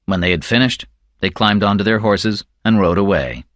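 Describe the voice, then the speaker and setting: A man with a low voice narrates a story in a slow, measured, somber manner. The sound is dry and close, with no room around it. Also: a bit bright, dry recording. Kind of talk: scripted audiobook narration.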